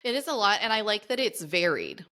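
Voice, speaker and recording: A woman co-hosting a podcast, reflective and quick to laugh in casual chat. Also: mid-range voice, very animated, bright, forceful tone. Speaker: podcast co-host.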